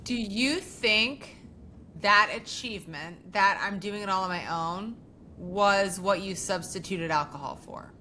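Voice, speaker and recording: A woman hosting a podcast interview, asking her guest slow, thoughtful questions. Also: mid-range voice, pushed and bright, a little hiss or hum. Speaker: podcast host.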